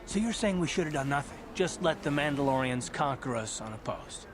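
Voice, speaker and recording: A man's voice: mid-range voice, lively intonation, a little fast, lightly acted. A man voicing a bitter, war-weary soldier in a video game, sarcastic and combative. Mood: resentful.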